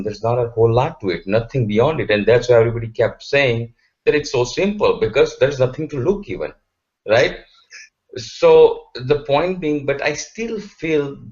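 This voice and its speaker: A man's voice: medium pitch, muffled recording. A man asking his spiritual teacher a question, searching for words and restarting often. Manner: searching, hesitant, many restarts.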